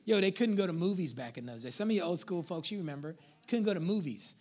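A man's voice: high-pitched, expressive, fast, darkish tone. A man preaching a sermon as pastor, conversational and playful, calling out to the congregation.

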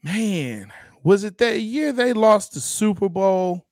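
A man co-hosting a casual sports podcast, animated and teasing, laughing often. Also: sits high, slow. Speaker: podcast co-host.

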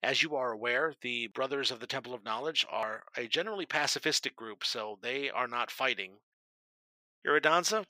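A man's voice: medium pitch, sharp tone, dry recording, poor audio. A man narrating a tabletop game as game master, describing scenes vividly and dramatically.

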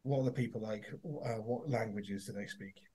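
A man's voice: fairly low pitch, normal speed, dark tone. A man hosting a football coaching podcast, asking questions in a chatty way and telling anecdotes. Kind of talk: casual conversational interview.

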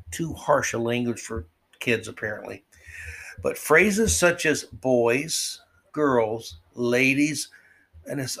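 A man delivers an opinion podcast monologue in an ordinary mid-range voice. He drips sarcasm and mockery throughout. His pacing lurches from slow, drawn-out words into quick throwaway asides. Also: medium pitch, creaky, a bit bright, slightly rough. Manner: sarcastic, mocking; swings between slow drawl and quick asides. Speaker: podcast host.

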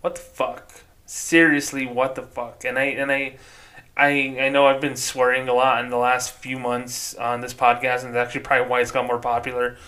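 A man's voice: medium pitch, level tone, normal speed, pushed and bright. A man hosting a solo podcast, ranting casually with frequent swearing and restarts. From New Mexico, United States. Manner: profane, exasperated, rambling. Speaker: podcast host.

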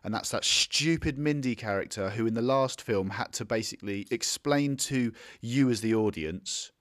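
A man's voice: medium pitch, moderate pace. A man in a casual film chat, blunt and sarcastic, swearing freely.

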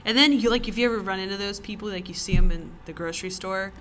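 Animated woman telling stories on a podcast. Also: medium pitch, fast talker, slight background noise. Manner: animated storyteller, laughs often. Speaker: podcast co-host. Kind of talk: casual podcast chat. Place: cellar.

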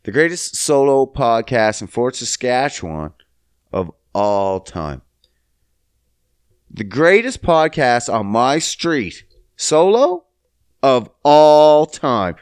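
Young adult male solo podcast host from Canada, profane and jokey, drawn-out delivery with big playful swoops in pitch. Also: sing-song, smooth, dry recording, clean studio sound. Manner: sing-song, jumps high in pitch for silly bits, profane. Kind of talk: solo comedic podcast rant.

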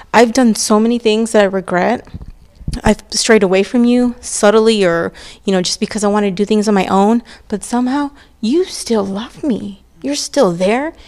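Heartfelt woman sharing church testimony. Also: medium pitch. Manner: emotional, heartfelt, animated. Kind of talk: casual testimony chat.

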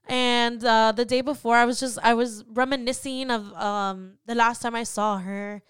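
Heartfelt woman, smooth clear voice. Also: fairly high pitch, fairly even intonation, normal speed, no room sound, studio quality. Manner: heartfelt, gets emotional at times. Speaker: podcast host. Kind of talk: personal storytelling.

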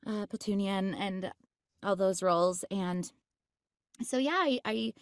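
A woman's voice: mid-range voice, a little slow, clean tone, no echo. A woman voice actress chatting in an interview, bubbly and laughing often, with many fillers. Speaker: voice actress guest. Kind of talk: casual interview chat.

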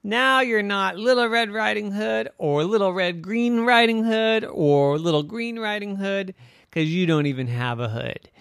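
A man's voice: high-pitched, animated, a little slow, gravelly, fairly bright tone, clean tone, no room sound, studio quality, pitched above the performer's own voice, full character voice. A man playing a gloating big bad wolf car. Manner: gloating, cackling, then pleading.

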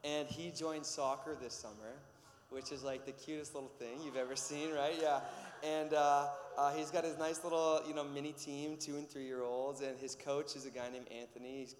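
Animated pastor in a reverberant hall. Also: male voice, fairly high pitch, normal speed. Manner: animated storyteller, acts out voices, many fillers. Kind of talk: casual sermon with personal stories.

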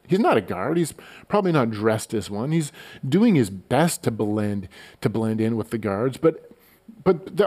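Man preaching in a chatty way. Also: mid-range voice. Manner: conversational, relaxed storytelling with frequent stammered word repeats. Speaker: pastor. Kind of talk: sermon.

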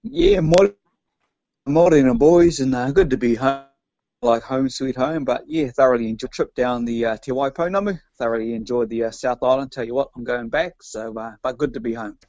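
A man's voice: mid-range voice, expressive, normal speed, dark tone, no room sound, highs cut off. A man chatting easily about sport as a regular on a talk show. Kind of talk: casual sports chat.

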